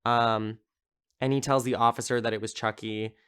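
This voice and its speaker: A man's voice: mid-range voice, level tone, normal speed, a bit bright, clear, resonant tone. A man hosting a casual podcast, retelling a horror film in a chatty way, full of "like" fillers and easy swearing. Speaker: podcast host.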